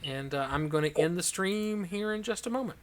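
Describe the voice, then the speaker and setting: A man narrating as game master for a livestreamed tabletop game, relaxed and halting, with many ums and restarts. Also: sits high.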